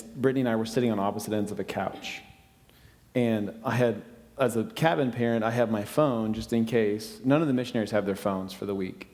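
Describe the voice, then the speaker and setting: A man's voice: fairly low pitch, darkish tone. A man who served as a cabin parent, telling a camp story in an easygoing, casual way. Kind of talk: personal testimony, casual. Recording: reverberant room.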